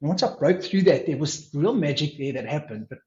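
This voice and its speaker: A man tells a story as a podcast guest, playing out his own thoughts in quoted voices. His voice sits fairly high. The recording is roomy and a little dull. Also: brisk. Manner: animated, acts out his own inner dialogue. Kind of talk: storytelling in conversation.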